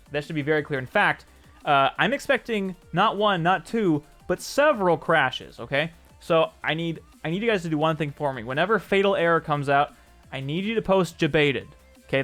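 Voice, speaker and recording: Male streamer, upbeat and chatty, slightly high voice, faint music underneath. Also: a bit bright. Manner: upbeat, chatty, thanks viewers by name. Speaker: streamer and indie game developer. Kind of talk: casual live-stream commentary.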